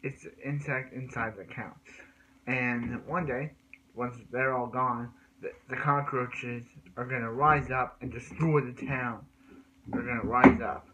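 A man's voice: mid-range voice, fairly even intonation, a little slow, sharp tone, slight background noise, poor audio. A man recapping cartoon episodes in a rambling way, with many restarts and repeated words. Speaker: cartoon reviewer.

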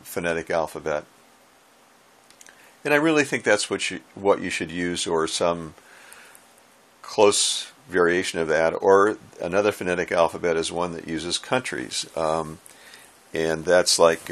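Deep-voiced man explaining ham radio. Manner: relaxed and folksy, with dry asides. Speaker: ham radio operator and instructor. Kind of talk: casual how-to explainer. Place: home radio room.

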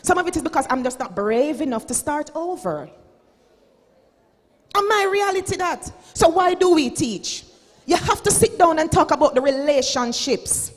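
A woman's voice: high voice, expressive, normal speed, big-room sound. A Jamaican woman in her forties, a school principal giving a dramatic, preachy motivational speech and slipping into Patois. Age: 40s. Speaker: school principal and keynote speaker.

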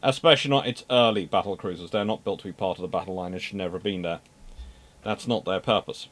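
A man's voice: sits low, fast talker, fairly bright tone. A man giving an unscripted naval history talk, emphatic, repeating words for stress and adding dry asides.

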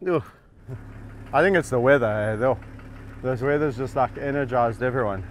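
In the bush, a middle-aged wildlife sanctuary keeper uses a mid-range voice at a moderate pace, with slight background noise, to chat casually with animals on a handheld camera. He laughs as he fondly coaxes and teases them.

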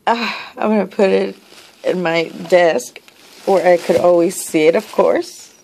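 A woman's voice: fairly low pitch, unhurried, gravelly, darkish tone. A woman opening happy mail in a casual vlog, emotional and tearful, gushing and rambling with many restarts.

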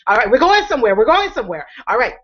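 A woman's voice: a little high, very animated, racing, fairly bright tone, husky, lo-fi sound. A woman hosting an inspirational morning talk, telling an imagined story in the second person and calling on listeners to stay with her. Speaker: motivational speaker and show host.

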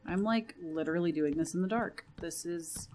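A woman's voice: on the low side, moderate pace, darkish tone, a little hiss or hum. A young woman giving casual commentary while playing a building game, chatty and nervous, often repeating reassurances to herself under her breath. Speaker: Minecraft let's play creator.

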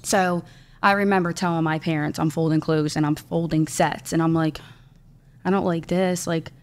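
A woman's voice: deep voice, fairly even intonation, normal speed. Chatty young woman telling a story. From Philadelphia. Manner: chatty storyteller, lots of "like" and quoted asides. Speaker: guest, small business owner. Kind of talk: casual interview chat.

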